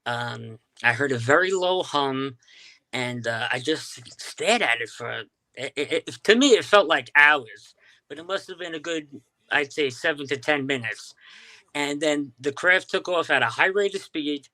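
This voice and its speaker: Animated and a little high-pitched, this bright, forceful-sounding man speaks at a measured pace. He's a UFO sky watcher from Staten Island with a New York accent, spinning stories in a casual interview, full of fillers and restarts.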